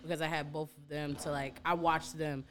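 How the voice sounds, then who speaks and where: A young woman, a radio personality, telling stories in a casual podcast chat, profane and animated. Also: low-pitched, brisk.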